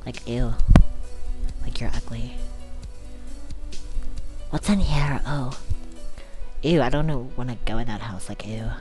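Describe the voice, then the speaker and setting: A woman's voice: very deep voice, exaggerated voice. A woman voicing a spoiled, vain rich socialite in gameplay commentary, with a valley-girl drawl, gasps and whiny "ugh"s. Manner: screams in furious tantrums. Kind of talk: let's-play commentary in character.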